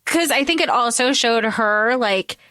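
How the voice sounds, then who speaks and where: A woman's voice: a little high, unhurried, bright, forceful tone, no echo. A woman co-hosting a podcast, chatting casually about a book with lots of filler words. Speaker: podcast co-host.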